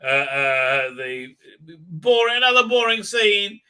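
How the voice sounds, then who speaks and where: A man's voice: high voice, big pitch swings, takes it slowly, pushed and bright, clean tone. A man ranting sarcastically in a show review, swearing often and full of fillers and restarts. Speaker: commentator.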